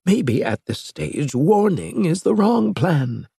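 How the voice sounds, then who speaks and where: Scheming professor who weighs every option, as a male narrator puts him on, raised pitch, lively delivery. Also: slow, creaky, breathy edge, no room sound, studio quality, full character voice. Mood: reasoning.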